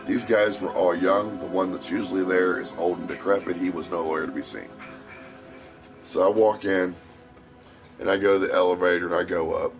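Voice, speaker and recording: A man casually telling a long story, rambling and swearing freely with a tough edge. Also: low voice. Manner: profane, rambling, tough-talking. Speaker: streamer.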